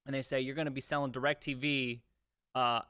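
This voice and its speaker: Animated young man telling a story. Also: mid-range voice, moderate pace, clean tone, dry recording, studio quality. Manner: animated, acts out quotes, swears freely. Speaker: podcast co-host. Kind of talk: casual storytelling.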